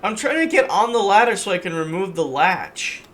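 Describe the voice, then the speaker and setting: A man streaming a video game with animated, jokey, sweary commentary. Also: high voice, normal speed. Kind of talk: casual let's-play commentary.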